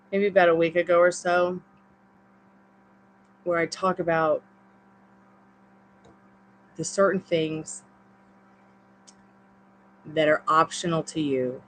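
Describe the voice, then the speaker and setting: A woman's voice: on the low side, slight background noise, low-quality recording. Chatty Southern woman reading tarot. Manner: chatty, encouraging, rambling asides. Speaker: tarot reader. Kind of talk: live-stream tarot reading.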